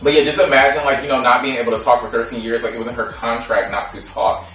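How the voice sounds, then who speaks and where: A man who is a podcast guest, debating in a rapid way with lots of restarts and fillers. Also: mid-range voice, flat delivery, fairly bright tone, slight background noise. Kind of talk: casual debate. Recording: echoey room, mic at a distance.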